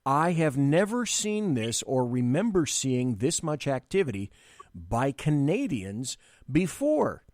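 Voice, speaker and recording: Male talk host, blunt and rambling, very animated delivery, dry close mic. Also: mid-range voice, slow pace, no room sound. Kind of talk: live political talk show.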